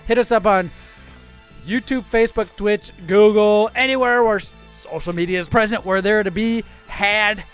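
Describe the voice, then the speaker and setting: A man hosting a live stream with a high, smooth voice, loose and profane as he signs off. He has the hiccups, which break into his talk. Faint music plays behind him. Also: normal speed, fairly bright tone. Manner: loose, profane, joking, winding down the show. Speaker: podcast host. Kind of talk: casual live-stream chat.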